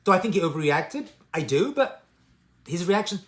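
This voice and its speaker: A man's voice: high-pitched, very animated, moderate pace. A man teaching about addiction recovery and spiritual growth in an informal, conversational way. He repeats his key lines for emphasis and often checks in with "right?". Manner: conversational, with frequent "right?" and "you know"; emphatic repetition of key phrases.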